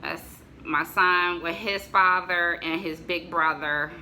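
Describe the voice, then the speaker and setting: A middle-aged woman from the United States talks in a loose, chatty way, throwing in jokes and asides to her viewers. Her voice sits a little low but sounds bright and forceful. A faint room noise hums underneath. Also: steady tone, slow pace, rough recording. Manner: chatty, joking asides to viewers, laughs often. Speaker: vlogger showing family photos. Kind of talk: casual chat to viewers.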